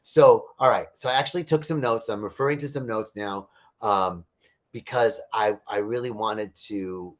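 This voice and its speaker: A man hosting a casual live-streamed spiritual talk, animated and laughing, telling jokes. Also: fairly low pitch, normal speed.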